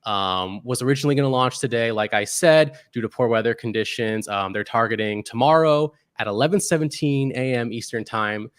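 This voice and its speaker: A man's voice: medium pitch, brisk, hardly any pauses, smooth, no echo, clean studio sound. A man hosting a casual science news show, reading from articles with many fillers and restarts. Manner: hesitant, many fillers, reads out article text. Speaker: podcast host.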